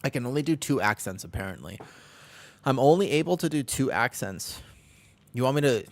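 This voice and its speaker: An upbeat Midwestern man chatting with his stream audience while he plays, quick to joke and laugh. His voice sits in an ordinary middle range, close to the mic in a dry, dead room. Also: mid-range voice, expressive, no echo. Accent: American Midwestern. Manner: upbeat, joking, often laughing, chatting with viewers. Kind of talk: casual live-stream chat while gaming.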